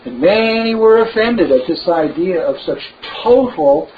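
Preaching with slow emphasis, a man delivers a sermon sprinkled with lively asides. The sound quality is dull and low-fi, carrying a faint noise.

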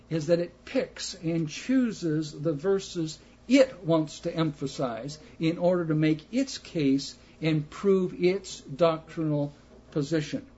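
A man preaching a sermon slowly and emphatically, putting rhetorical questions to his listeners. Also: on the high side, warm tone, husky. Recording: muffled lo-fi recording.

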